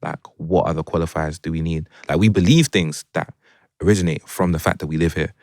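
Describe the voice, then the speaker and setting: Young London guy, low voice with a Jamaican twang, laid-back and reflective, dry close sound. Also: fairly quick, a little mellow, no room sound. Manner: reflective, laid-back, heavy with filler phrases. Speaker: guest musician. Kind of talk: casual conversation.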